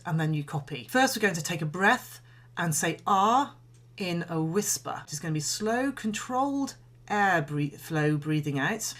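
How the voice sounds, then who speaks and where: A woman singing coach giving a calm, measured voice lesson, explaining and demonstrating breathing exercises. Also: lowish voice. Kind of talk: instructional voice lesson.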